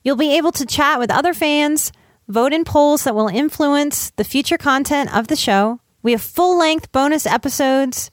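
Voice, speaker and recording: A woman hosts her podcast and wraps up with effusive, emotional thanks. Her voice sits high. The recording is close and dry, with no room sound. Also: no echo. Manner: warm, effusive, emotional gratitude. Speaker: podcast host. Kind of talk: podcast outro, casual and heartfelt.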